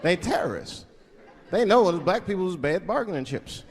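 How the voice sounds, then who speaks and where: A male stand-up comedian telling stories, swearing freely and dropping into low murmured asides. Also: animated, moderate pace, long reverb tail, noisy background. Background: crowd laughter.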